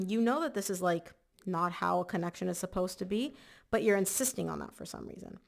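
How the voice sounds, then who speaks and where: A woman giving a casual monthly tarot reading in a chatty, emphatic way, slightly hoarse and clearing her throat. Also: fairly low pitch, a little fast. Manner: chatty, emphatic, repeats words for stress. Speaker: tarot reader.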